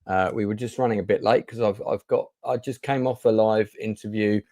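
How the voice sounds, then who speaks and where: A man's voice: lowish voice, fairly even intonation, brisk, mellow, dry recording. A man hosting a casual livestream chat show, talking chattily with many fillers and restarts. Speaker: host.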